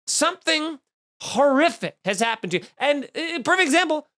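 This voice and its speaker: A man's voice: extremely high pitch, very animated, moderate pace, pushed and bright. A man hosting a comedy podcast, riffing in a snarky, profane monologue full of mock outrage. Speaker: podcast host.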